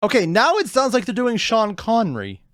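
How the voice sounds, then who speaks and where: Animated, wry male reaction host. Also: sits high, normal speed, dry recording, studio quality. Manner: animated and wry, often laughing. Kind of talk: casual reaction commentary.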